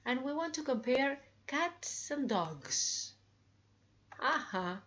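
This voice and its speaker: Slow, deliberate woman teaching English. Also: mid-range voice, lively intonation, fairly bright tone, lo-fi sound, slight background noise. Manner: slow, deliberate, asks learners rhetorical questions. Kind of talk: slow classroom explanation.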